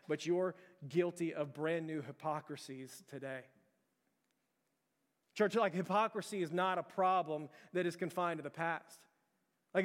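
A young pastor with a high, light voice preaches in a conversational, animated way, firing rhetorical questions at his church. His words ring out with a long reverb trailing through the sanctuary. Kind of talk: sermon.

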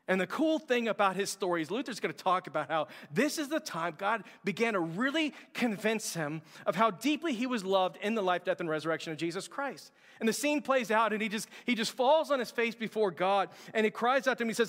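A man's voice: high-pitched, animated, brisk, few pauses, a bit bright. A man preaching a sermon as pastor, telling a story with passion and acting out quoted lines. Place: church sanctuary. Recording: long hall reverb.

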